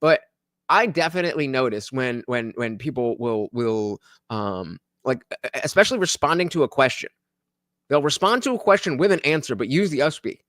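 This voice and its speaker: A man hosting a live stream, reacting to a clip and excitedly thanking donors, sometimes breaking into shouts. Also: mid-range voice, normal speed, dry recording. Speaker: livestream reaction host. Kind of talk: casual live-stream chat.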